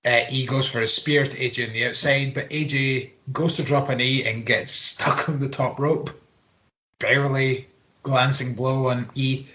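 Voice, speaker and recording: A man with a bright, forward voice talks through a wrestling match play by play. He rambles, swears casually and fills pauses with ums and uhs, like a relaxed podcast co-host. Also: mid-range voice. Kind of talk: casual wrestling recap chat.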